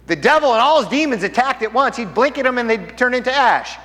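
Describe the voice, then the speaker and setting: A man preaching a sermon, emphatic and animated, asking the congregation questions as he teaches. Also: very high voice, normal speed. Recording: hall reverb.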